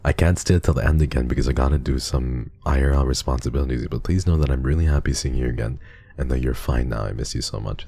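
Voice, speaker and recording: A male streamer who is unwell, chatting casually on a livestream while reading donations, soft and drowsy in tone, often trailing off. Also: very deep voice, quick pace, creaky, breathy edge.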